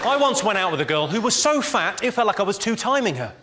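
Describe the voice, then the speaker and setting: A man doing stand-up comedy on stage before a live audience, delivering one-liners in a dry, deadpan way. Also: high voice, fast, over a noisy crowd. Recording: loud noisy live audience recording.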